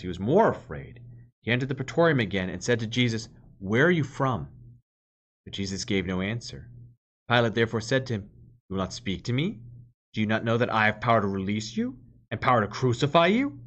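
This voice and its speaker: A man's voice: lowish voice, fairly bright tone. A man, a priest, reading scripture aloud and then explaining it in plain words with the odd filler. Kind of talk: Bible reading with commentary.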